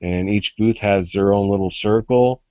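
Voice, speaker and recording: A man's voice: fairly low pitch, normal speed, no echo. A man joining a group video call who rambles and searches for his words. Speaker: caller joining the panel. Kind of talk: casual chat on a group call. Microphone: online video call. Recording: dull, dry lo-fi call audio.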